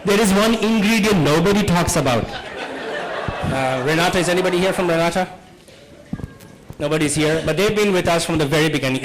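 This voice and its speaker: A man from Bangladesh doing a stand-up comedy set on a club stage, jumping into quick character voices. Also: fairly high pitch, poor audio.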